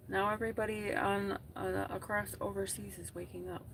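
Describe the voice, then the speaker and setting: A woman's voice: medium pitch, little pitch movement, moderate pace, creaky, few pauses, slight background noise. A woman from Wisconsin, livestreaming casually from inside her car during gig work, talking to her chat in a blunt way, swearing freely and laughing often. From Wisconsin, USA.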